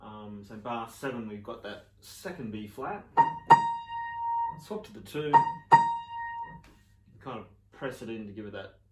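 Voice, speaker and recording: A man's voice: lowish voice, measured pace, long pauses. Man teaching piano in a roomy space. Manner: casual, with fillers and sung rhythm syllables. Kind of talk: relaxed spoken piano tutorial. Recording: roomy sound with loud piano. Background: piano playing.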